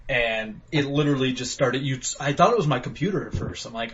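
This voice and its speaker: Male podcast host, casual and animated, profane, slightly dull lo-fi mic. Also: mid-range voice, fairly quick, slight background noise. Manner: animated, swearing, acts out his own reactions in quoted voices. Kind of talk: casual chat.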